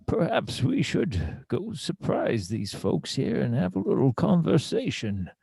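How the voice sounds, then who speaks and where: Man doing a courtly, slow-spoken adventurer. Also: on the high side, huge pitch swings, vocal fry, dark tone, husky, no echo, clean studio sound, voice pushed up, exaggerated voice. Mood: courteous. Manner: slow, drawn-out, formal speech.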